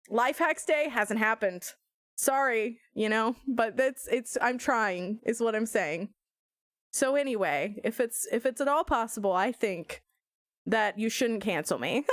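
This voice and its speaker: A woman streamer playing through a game, talking casually, animated and self-mocking, often laughing. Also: fairly high pitch, no room sound, clean studio sound.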